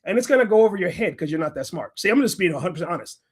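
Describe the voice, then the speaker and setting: A middle-aged man hosts a livestream and lectures his viewers in a combative, profane tone. His voice sits fairly high for a man. He argues hard and curses freely. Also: expressive, very fast, husky. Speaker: livestream host. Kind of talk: ranting livestream commentary.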